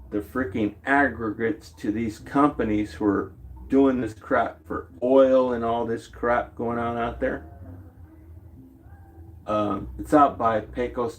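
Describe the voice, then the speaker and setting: A man's voice: medium pitch, a little hiss or hum. A man chatting on a livestream, rambling and slangy, drifting between stories. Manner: slangy, meandering, loose profanity. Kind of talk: rambling casual livestream chat.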